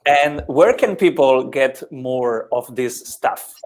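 A man's voice: mid-range voice, expressive. A man from Italy with an Italian accent, hosting a podcast interview and often restarting his words as he searches for phrasing. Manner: halting, repeats words while searching for phrasing. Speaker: podcast host. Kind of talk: interview conversation.

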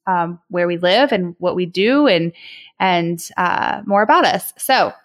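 A woman's voice: lowish voice, animated, measured pace. A woman from Ohio, co-hosting a podcast in casual chat with friends, chatty and laughing often. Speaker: podcast co-host.

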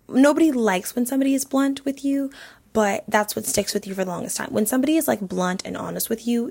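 A chatty young woman in her twenties talks through a solo podcast. Her voice is husky with a gravelly edge, and "like" fills her sentences. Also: mid-range voice, darkish tone. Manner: chatty, heavy use of "like". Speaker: podcast host. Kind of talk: casual solo podcast chat.

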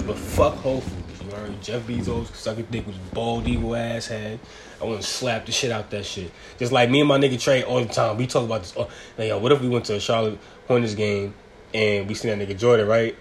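A man's voice: fairly low pitch, fairly even intonation, fairly quick, slight background noise. A young man hosting a casual solo podcast, talking in a profane, rambling, slang-heavy way. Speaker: podcast host.

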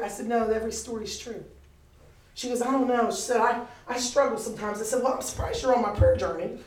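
An older woman delivers a sermon in a church, her voice a touch high and full of lively storytelling and laughter. She is picked up from across the room, so the sound is roomy and echoey with faint ambience behind her. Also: far from the mic. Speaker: preacher.

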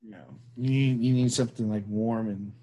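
A man's voice: medium pitch, steady tone, moderate pace, warm tone. A man hosting a casual chat show, talking in a loose, rambling way with lots of fillers and restarts. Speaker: show host.

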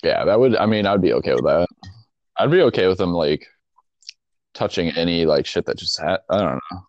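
A man's voice: deep voice, animated, a little fast, highs cut off. A man co-hosting a casual chat, laid-back and slangy, swearing freely. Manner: laid-back slangy talk, swears, says "bro" and "dog".

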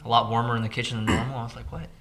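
A man telling a quick, animated anecdote to his friends, swearing as he goes. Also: mid-range voice. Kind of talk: casual chat among friends.

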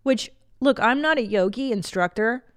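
A woman's voice: a little high, lively intonation, moderate pace, clear, resonant tone, no room sound, clean studio sound. A woman in her forties hosting a podcast, talking in a casual, comedic monologue that is profane and chatty, and she laughs often. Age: 40s. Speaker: podcast host.

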